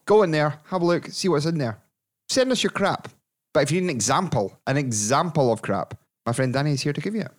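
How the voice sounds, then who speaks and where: A man's voice: fairly high pitch, expressive, quick pace. A man co-hosting a podcast, teasing and swearing in casual banter. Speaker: podcast co-host. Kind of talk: casual chat.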